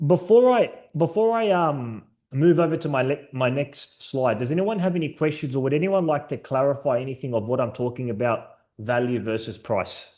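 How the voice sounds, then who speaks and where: A man's voice: medium pitch, normal speed, few pauses, a little mellow. A man presenting a sales training session to his team over a video call, upbeat and encouraging, telling stories. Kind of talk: live online training session.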